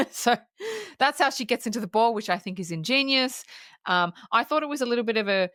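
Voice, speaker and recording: A woman's voice: a little high, animated, a little fast, fairly bright tone, no room sound, studio quality. A woman on a podcast, retelling a film plot in casual chat, swearing freely and acting out the characters' lines. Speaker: podcast co-host.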